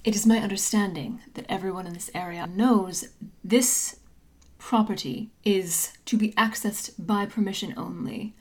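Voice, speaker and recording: A woman's voice: medium pitch, fairly even intonation, measured pace, natural voice. A woman voicing a stern, formal human woman investigator in armor. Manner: cold, formal, clipped.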